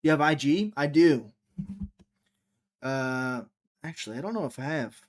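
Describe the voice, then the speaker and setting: A man's voice: a little high, expressive, measured pace. Chatty man rambling to his stream chat. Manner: rambling, joking, talking straight to chat. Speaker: livestream host. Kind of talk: casual livestream chat, reading viewer comments.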